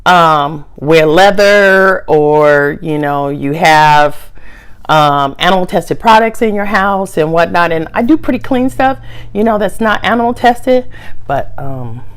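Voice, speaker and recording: A middle-aged woman telling a personal story to her camera in a chatty, animated way, sometimes dropping to a hushed aside. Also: a little slow, clear, resonant tone. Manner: animated, chatty, big pitch swings, drops to a hushed aside. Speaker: vlogger.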